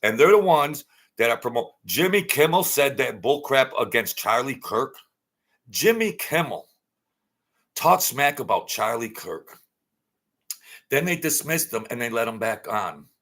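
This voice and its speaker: Man ranting bluntly, bright tense voice. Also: mid-range voice, big pitch swings, unhurried. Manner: blunt, heated, repetitive. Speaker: online commentator. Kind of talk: ranting monologue.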